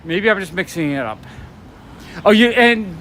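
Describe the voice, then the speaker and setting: A man with a fairly high voice chats casually on a live stream as he walks along a city street at night. His talk is loose and eager, full of fillers and false starts. Faint traffic sounds drift underneath. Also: animated, normal speed, a bit bright. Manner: chatty, enthusiastic, many fillers and restarts. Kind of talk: casual rambling chat. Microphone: handheld phone or camera while walking.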